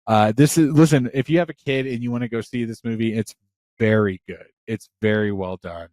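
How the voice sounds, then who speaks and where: A man in his thirties co-hosting a podcast in casual chat, rambling and excitable, swearing often, with a parent's warmth about films. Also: mid-range voice, fairly quick, no room sound, clean studio sound. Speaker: podcast co-host.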